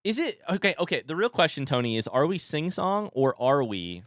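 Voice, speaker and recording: A man's voice: fairly high pitch, sing-song, fairly quick, fairly bright tone, no room sound, studio quality. A man in his thirties chatting casually on his live stream, rambling playfully and reading viewer comments aloud.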